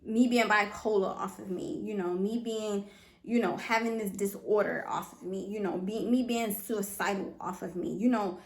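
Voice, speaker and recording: A woman's voice: medium pitch, steady tone, normal speed. Earnest woman podcaster in an echoey room. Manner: earnest, emphatic, repeats phrases, asks the listener if they understand. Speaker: podcast host. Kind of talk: motivational solo podcast talk.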